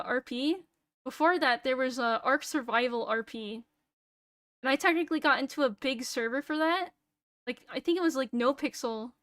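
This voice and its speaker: A young woman streamer chats on a close, dry mic, with a high, light voice. She swears freely, laughs easily, and jokes at her own expense. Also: fairly bright tone, clean tone, dry recording. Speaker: VTuber streamer. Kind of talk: casual stream chat.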